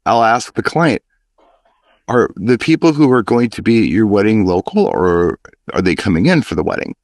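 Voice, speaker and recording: An animated man with a lively, swinging pitch talks shop about weddings. He chats loosely and playfully, and the recording is dry with no reverb. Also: moderate pace. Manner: animated, playful, acts out crowd banter. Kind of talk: casual chat.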